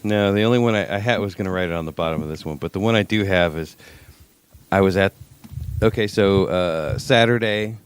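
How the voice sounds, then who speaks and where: A man's voice: low voice, a little fast, clean tone. A man co-hosting a podcast, chatting casually in a rambling way with dry sarcasm, just over an illness. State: recovering from covid. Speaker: podcast co-host. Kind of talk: casual chat.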